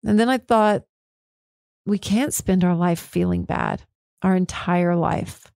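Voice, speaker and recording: A woman's voice: lowish voice, slow, vocal fry, darkish tone, dry recording, clean studio sound. Frank, fired-up woman podcast host. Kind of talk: candid solo talk.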